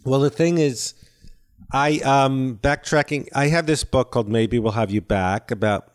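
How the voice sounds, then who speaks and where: An older man talks as an interview guest, wandering through stories with constant restarts and self-deprecating asides. His voice comes through smooth and clear, at an ordinary middle pitch. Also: measured pace. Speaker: guest, actor and comedian. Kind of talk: casual interview chat.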